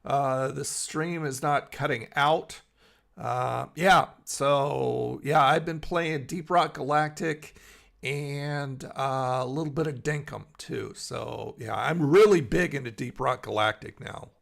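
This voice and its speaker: Gravelly middle-aged man chatting from bed. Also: medium pitch, slow, a bit bright. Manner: rambling, chatty, answers viewers by name. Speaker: live stream host. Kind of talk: casual live-stream chat, reading chat aloud. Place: in bed at home.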